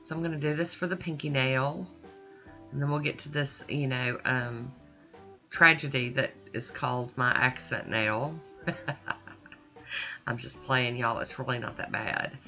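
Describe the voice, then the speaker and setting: A woman talks through her nail art in a chatty, upbeat voice-over. Her voice is bright, and the audio is a little dull. Soft guitar music plays underneath. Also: rumbling low, fairly even intonation, measured pace, long pauses. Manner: chatty, upbeat, self-teasing. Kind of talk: casual voice-over tutorial.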